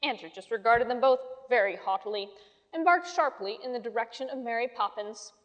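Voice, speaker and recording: A woman with a high voice reads a children's storybook aloud in an expressive, lilting way. Her narration carries a long reverb, as in a large hall. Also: brisk.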